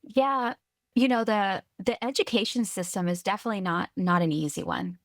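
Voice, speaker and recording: A woman from California, a guest on a podcast interview, telling her story earnestly and with lively restarts. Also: medium pitch, normal speed, dry recording, clean studio sound. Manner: earnest, lively retelling with restarts and quoted voices. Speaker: guest, tech executive.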